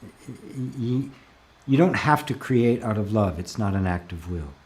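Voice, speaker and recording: Male spiritual teacher, deeper voice, calm live Q&A host reading comments, gentle laughs. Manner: calm, reflective, often slows to stress a word.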